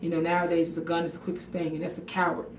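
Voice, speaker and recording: A woman's voice: on the low side, completely flat delivery, racing, a little hiss or hum. A woman chatting on a casual livestream from her bathroom, frank and emotional, swearing freely and answering viewers' comments by name. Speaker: livestream vlogger. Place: bathroom at home. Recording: echoey room audio picked up from a distance.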